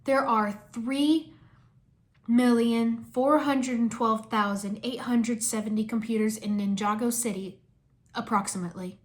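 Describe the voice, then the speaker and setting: Woman doing a nerdy exact robot ninja guy, slow and flat. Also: fairly high pitch, close to an everyday voice. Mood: matter-of-fact. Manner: slow, exact, matter-of-fact.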